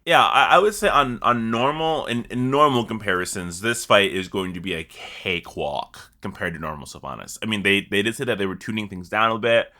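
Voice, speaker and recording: A man's voice: on the low side, brisk, few pauses, pushed and bright. A man co-hosting a podcast, chatting casually about games and swearing freely as he talks. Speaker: podcast co-host. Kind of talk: casual gaming chat.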